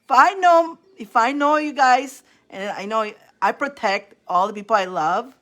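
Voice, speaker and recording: A woman's voice: on the high side, measured pace. A woman tarot reader chatting casually to her livestream viewers, telling stories with lots of laughter and acted-out quotes. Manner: animated storytelling, laughs often, acts out quotes. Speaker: tarot reader hosting a live stream.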